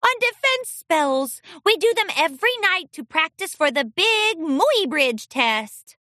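A woman voicing a timid, sleepy little filly schoolgirl in a squeaky, earnest voice. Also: very animated, takes it slowly, sharp tone, dry recording, clean studio sound, exaggerated voice.

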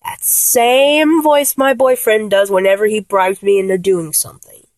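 A woman's voice: medium pitch, steady tone, measured pace, darkish tone, no echo, natural voice. A young woman voice actor playing a flustered, blunt young woman in a one-sided audio role-play, exasperated, stammering and swearing.

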